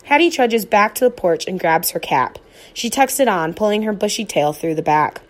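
A woman reads a children's storybook aloud, expressive and animated, in a mid-range voice at a moderate pace.

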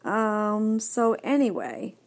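A woman voicing an excitable young male dog in a storybook reading, bouncy and enthusiastic. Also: fairly high pitch, slow pace. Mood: eager.

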